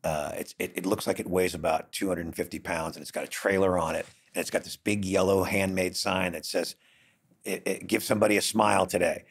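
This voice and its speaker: Gravelly low-voiced man telling a story. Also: brisk. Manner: animated, acts out dialogue in quotes. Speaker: podcast host. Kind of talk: conversational storytelling.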